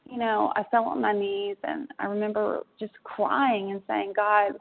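A woman sharing her recovery story in a meeting, earnest and halting with frequent ums. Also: medium pitch, steady tone, gravelly. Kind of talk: personal recovery share. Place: room at a convention. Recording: tinny phone line.

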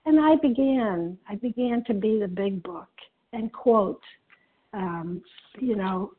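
A woman giving an earnest personal share at a recovery meeting, pausing often with fillers. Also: medium pitch, breathy edge. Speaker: meeting member sharing. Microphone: phone conference call. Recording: tinny phone line.

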